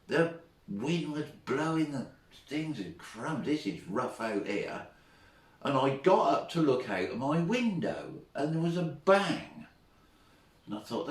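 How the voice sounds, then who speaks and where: A middle-aged man recalling old school stories in a chatty, laughing way. He keeps his voice at an ordinary middle pitch. The sound is roomy and comes from some distance away from the mic. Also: very animated, a little slow. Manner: chatty, laughs often while telling anecdotes. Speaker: former teacher, guest. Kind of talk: casual storytelling.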